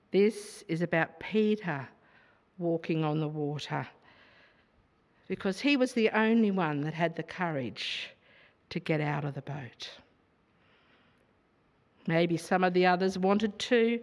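Slow, measured woman preaching. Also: lowish voice, in a large hall. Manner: measured, asks rhetorical questions. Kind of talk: sermon.

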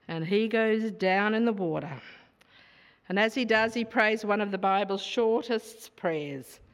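A woman preaching a sermon in a measured way, often asking rhetorical questions. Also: medium pitch, big-room sound.

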